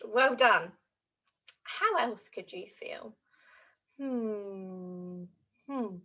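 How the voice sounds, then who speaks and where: A woman teaching French to young children in an animated, exaggerated way, acting out feelings as she goes. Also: a little high, slow pace, breathy edge, muffled recording. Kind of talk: children's language lesson.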